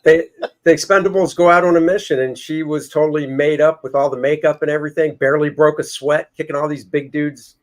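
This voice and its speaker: Male host, light higher voice, relaxed and chatty with his guest. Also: fairly quick. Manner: easygoing, asks questions and reads viewer comments. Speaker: show host. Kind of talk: casual interview chat.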